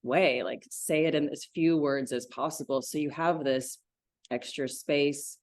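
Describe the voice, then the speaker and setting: A woman in her forties, a yoga teacher, talking about her practice in a casual podcast interview, enthusiastic and quick to laugh. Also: sits low, steady tone. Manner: enthusiastic, laughs easily, thoughtful.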